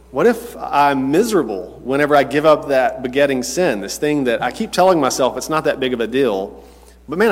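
A man preaching a sermon in a casual, conversational way, correcting himself as he goes and speaking straight to the congregation. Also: mid-range voice. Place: church. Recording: long church reverb.

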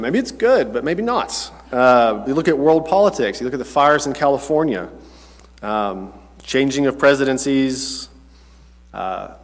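Conversational male preacher in an echoing church. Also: mid-range voice. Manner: conversational, self-correcting, speaks straight to the congregation. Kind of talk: sermon. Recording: long church reverb.

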